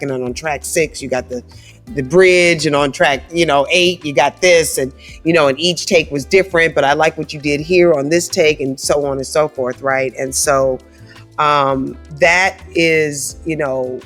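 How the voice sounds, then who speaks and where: A woman with a big, scratchy voice, talking animatedly as a guest in a casual interview. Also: low voice. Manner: animated, conversational, frequent "right?" asides. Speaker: guest singer. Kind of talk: casual storytelling chat.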